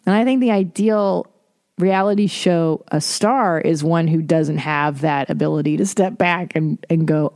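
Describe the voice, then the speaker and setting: A woman in her forties talks alone into a close mic, winding through stories full of swearing and cheerful self-mockery. Her voice sits on the lower side, and the room sounds dry and dead. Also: unhurried, a little mellow, no echo. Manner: profane, self-deprecating, rambling storyteller. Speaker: podcast host. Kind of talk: casual solo podcast monologue.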